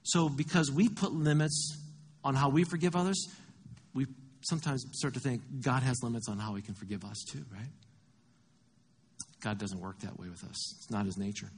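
A man's voice: mid-range voice, moderate pace, long pauses, breathy edge. A male pastor preaching a conversational sermon, walking his listeners through scripture and working out sums aloud.

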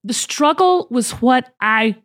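A middle-aged woman with a drawl, telling a story in a casual podcast. Her voice sits a little high and is animated and dramatic. She slips into voicing the people in her story. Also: slow. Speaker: podcast co-host.

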